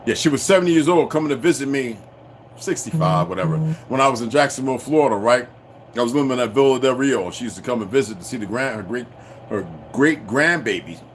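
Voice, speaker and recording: A man ranting to his viewers in a profane, confrontational way, swinging between shouting and low muttering. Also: fast, a little hiss or hum. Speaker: channel host. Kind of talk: unscripted rant to viewers.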